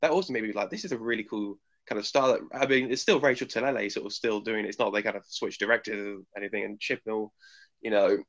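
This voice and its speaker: A young man co-hosting a casual fan livestream, talking in a hesitant, halting way with many restarts. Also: lowish voice, a bit bright. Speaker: co-host. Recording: dull lo-fi livestream audio.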